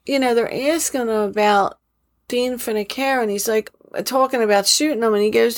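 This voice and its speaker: Gravelly-voiced woman recounting true crime. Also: on the high side, moderate pace. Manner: conversational, indignant, many fillers and restarts. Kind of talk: casual true crime retelling.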